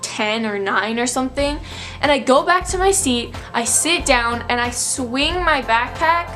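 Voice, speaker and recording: A woman's voice: high voice, lively intonation, measured pace, a bit bright, soft background music. A young woman in her late teens telling a storytime vlog in a chatty, filler-heavy, breathless way. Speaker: vlogger.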